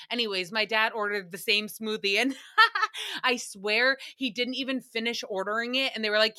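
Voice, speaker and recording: A young adult woman, hosting a casual podcast recap and telling animated, profane stories with playful mock voices. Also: fairly high pitch, fairly quick. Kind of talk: casual solo podcast chat.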